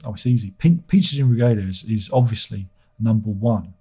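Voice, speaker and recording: A livestream host chatting loosely to his viewers, self-deprecating and casual with his swearing. His voice is dark and mellow with some huskiness in it. He talks into a home streaming microphone. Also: lowish voice, fairly quick, husky. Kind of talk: casual chat reading viewer comments.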